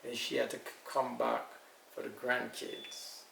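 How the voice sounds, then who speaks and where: An older Jamaican man with a gravelly voice tells family memories at an easy, reminiscing pace. He sits well back from the mic in an echoey room with a faint hiss of noise underneath. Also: mid-range voice, completely flat delivery, a bit bright, distant mic. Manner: unhurried, reminiscing storyteller. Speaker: elder being interviewed. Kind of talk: casual recollection.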